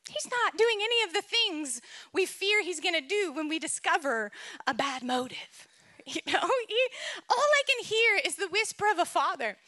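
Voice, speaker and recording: A woman preaching a sermon, telling a personal story in an animated, emotional way and laughing often. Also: very high-pitched, moderate pace, no echo.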